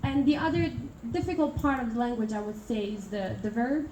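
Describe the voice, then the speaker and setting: In a noisy, echoey room recorded from afar, a young Italian international student gives a class presentation. Her slightly high voice has a darkish tone and is expressive and brisk. She is hesitant, though, with lots of fillers and restarts.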